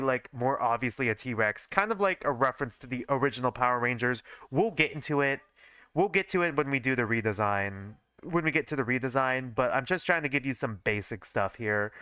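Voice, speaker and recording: A young man in his early twenties rambles through his old fanfiction on a live stream, full of fillers and self-mockery. His voice is bright, crisp and a little high, recorded dry and close. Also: no echo. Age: early 20s. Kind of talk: casual live-stream commentary.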